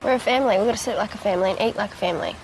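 A woman's voice: medium pitch, very fast, vocal fry, a little hiss or hum, low-quality recording. A woman with an Australian accent, a reality show contestant in casual, joking chat.

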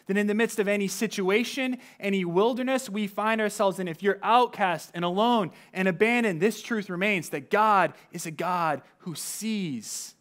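A man with a fairly high voice preaches a sermon. He keeps it conversational and talks straight to the congregation, often breaking off for asides. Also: moderate pace, few pauses, fairly bright tone. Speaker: pastor.

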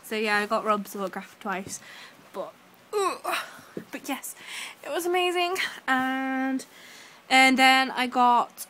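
A young woman, gushing excitedly to camera in a casual vlog, full of fillers. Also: high-pitched, slow, a little hiss or hum. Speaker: vlogger.

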